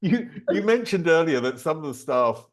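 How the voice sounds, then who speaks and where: A male host chats with his guest, recounting an anecdote with easy laughter. His voice sits a little high for a man. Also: sing-song, moderate pace, soft background music. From southern England. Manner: chatty, laughs while telling stories. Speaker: podcast host, interviewer. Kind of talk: casual interview chat.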